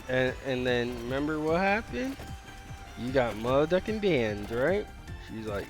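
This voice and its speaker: A man's voice: medium pitch, lively intonation, measured pace, music in the background. A man hosting a gaming channel, telling a casual, rambling story full of fillers and quoted dialogue.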